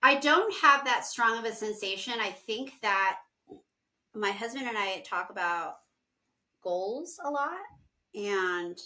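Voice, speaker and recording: A woman co-hosting a podcast in casual chat, open and quick to laugh. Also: mid-range voice, lively intonation, bright, forceful tone. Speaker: podcast co-host.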